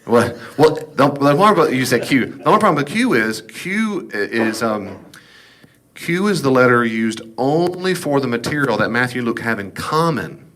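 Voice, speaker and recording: A man's voice: mid-range voice, big pitch swings, normal speed, a bit bright. A middle-aged man teaching a Bible class in a conversational, folksy way with humorous asides. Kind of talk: classroom lecture.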